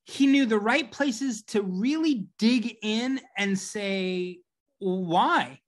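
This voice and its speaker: A middle-aged man as an interview guest, answering at length and acting out quoted voices with lively energy. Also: high voice, slow pace. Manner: animated storyteller, acts out quoted voices. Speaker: guest, business coach.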